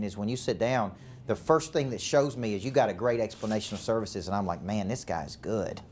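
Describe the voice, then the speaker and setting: A man's voice: mid-range voice, a little hiss or hum. Southern male sales coach, emphatic talk with repeated words and rhetorical questions. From Tennessee.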